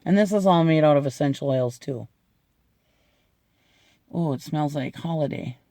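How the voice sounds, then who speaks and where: Gushing middle-aged man, slightly high voice. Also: normal speed, mellow, no room sound, studio quality. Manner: gushing, chatty, laughs often. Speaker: unboxing vlogger. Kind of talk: casual unboxing chat.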